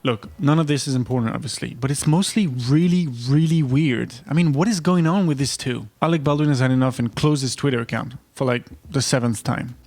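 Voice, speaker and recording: A man giving vlog commentary in a wry, incredulous way, with quick asides. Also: medium pitch, a little mellow, no echo. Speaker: online commentator.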